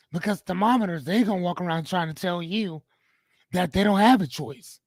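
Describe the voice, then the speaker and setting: A middle-aged man with a slightly higher voice hosts a live motivational podcast. He lectures his listeners bluntly, swears casually and keeps asking them to respond. The sound is close and dry, with no room around it. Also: moderate pace, dry recording. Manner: preachy, blunt, addresses audience directly, swears casually. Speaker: podcast host.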